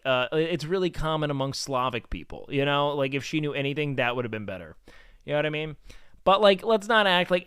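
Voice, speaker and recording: A man chatting casually on a live stream, rambling with lots of fillers and getting animated when he rants. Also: mid-range voice, clear, resonant tone, dry recording. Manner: rambling, heavy with fillers like "like" and "you know"; worked-up and animated when ranting. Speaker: streamer reading chat.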